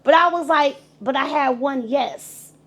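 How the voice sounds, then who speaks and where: A middle-aged woman telling her story on a podcast in a casual, animated, profane way, acting out the voices of the people in it. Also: high voice, a little slow. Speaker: guest.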